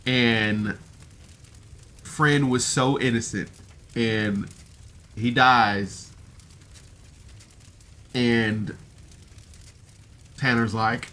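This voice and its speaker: A man's voice: medium pitch, takes it slowly, long pauses, bright, forceful tone. A man giving a casual, rambling review of a podcast episode on camera, emotional and full of fillers. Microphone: camera mic, seated on camera.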